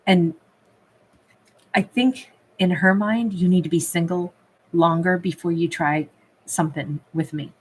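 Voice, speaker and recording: Husky, chatty woman tarot reader. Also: on the low side, fairly even intonation, measured pace, pauses often. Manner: chatty, affectionate, calls viewers babe and love. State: recovering from a cough. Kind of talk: livestream chat reading viewer comments.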